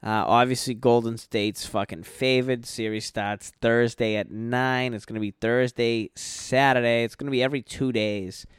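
A man's voice: medium pitch, fairly even intonation, normal speed, few pauses, clear, resonant tone, no room sound, clean studio sound. Tired, tipsy man ranting about sports. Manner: profane, rambling, yawning. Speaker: podcast host. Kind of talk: late-night sports rant. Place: his bedroom at night.

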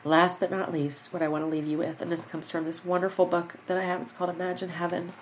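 A woman's voice: lowish voice, little pitch movement, fast, a little hiss or hum, rough recording. A woman hosting a personal podcast, speaking earnestly into a microphone, tearful and fighting back crying. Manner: heartfelt, earnest, repeats herself. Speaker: podcast host. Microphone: studio microphone.

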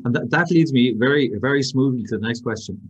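A man's voice: medium pitch, fast talker, slightly rough. An Irish man hosting a podcast, chatting and asking rambling questions. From Ireland. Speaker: podcast host. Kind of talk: casual interview chat. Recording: dull lo-fi sound.

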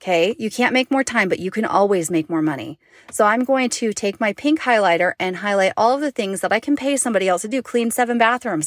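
A woman's voice: medium pitch, expressive, fast talker, no room sound. Chatty mom in her 30s from utah talking to camera, gets emotional, mid voice, dry sound. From Utah, United States. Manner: chatty, emotional, asks the viewer questions. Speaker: mom vlogger and online business owner. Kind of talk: personal vlog monologue.

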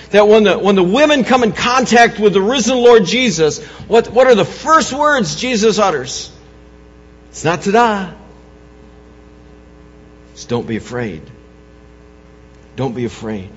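Man preaching in an echoey, dull hall. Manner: swings from soft, low reflection to loud, raised preaching; repeats words and restarts phrases. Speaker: pastor. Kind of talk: Easter sermon. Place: church sanctuary.

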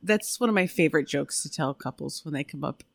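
A woman's voice: low voice, a little fast, creaky, no room sound. A woman who works as a gate agent, co-hosting a podcast in casual chat with a dry, jokey delivery.

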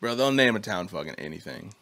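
A young man co-hosting a podcast, talking in a loose, slangy way and swearing freely. His voice sits fairly low but has a bright, forward edge, and the recording is dry and close with no room sound. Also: very animated, quick pace, creaky, dry recording. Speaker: podcast host. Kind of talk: casual chat.

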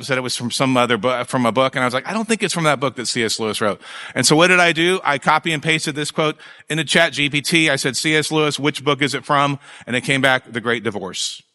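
A male pastor preaching a sermon in a conversational, animated way, with jokes and asides to his congregation. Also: mid-range voice, big-room sound.

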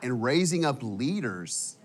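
A man preaching a sermon in a church, energetic and casual, with many fillers and restarts, sometimes emotional. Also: medium pitch, slow pace. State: emotional at times. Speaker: guest preacher. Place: church auditorium.

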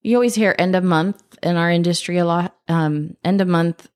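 A woman with a slightly low voice explains the process as a podcast co-host. She talks briskly, in quick bursts, with casual asides. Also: darkish tone. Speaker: podcast co-host, escrow professional.

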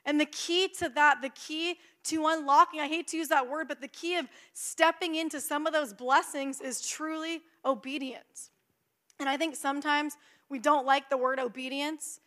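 A young woman preaching a sermon in a conversational, animated way, acting out her own thoughts. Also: high-pitched, moderate pace.

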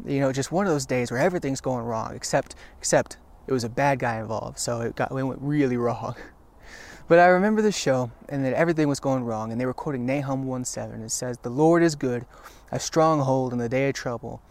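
A Christian video teacher speaks to camera in an earnest, encouraging devotional talk, with a middle-pitched, darkish voice. He repeats himself for emphasis and speaks haltingly, often breaking off to restart his sentences.

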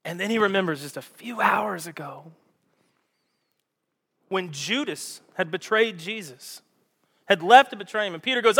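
A man preaching a sermon to a congregation, animated and storytelling, acting out scenes with raised voices. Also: high voice, moderate pace, pauses often. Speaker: pastor. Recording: echoey hall.

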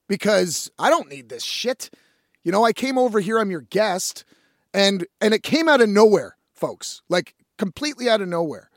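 A young musician tells a rambling story, cursing freely and turning to his listeners as folks. His voice sits high and swings widely in pitch, with a gravelly fry at the edges. The sound is close and dry. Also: normal speed, dry recording. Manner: animated, swearing freely, addresses listeners as folks. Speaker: independent musician. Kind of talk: casual profane storytelling.

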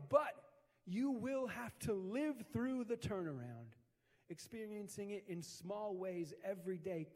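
High-voiced pastor preaching in a hall. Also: male voice. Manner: conversational, animated storytelling with slang. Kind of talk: sermon. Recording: long hall reverb.

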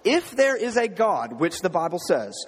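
Preacher guy, kinda high voice, keeps repeating himself for emphasis, big reverb hall sound. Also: sing-song, normal speed, breathy edge. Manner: emphatic, repeats phrases, asks rhetorical questions. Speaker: pastor. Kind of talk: sermon.

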